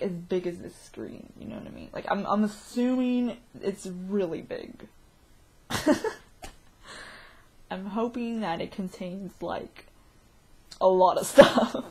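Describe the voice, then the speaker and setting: Excitable rambling woman vlogger. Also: mid-range voice, slow pace, vocal fry, long pauses, husky. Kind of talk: casual video diary.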